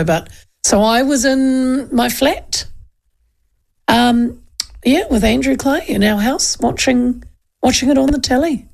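A woman's voice: high-pitched, a little slow, creaky, long pauses, darkish tone. A woman, hosting a casual radio show and chatting in a rambling, self-interrupting way. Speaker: radio host.

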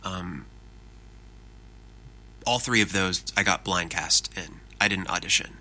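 Male voice actor, low but very bright tone, animated self-deprecating interviewee. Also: slow pace, slight background noise, low-quality recording. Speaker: interview guest. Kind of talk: casual interview talk.

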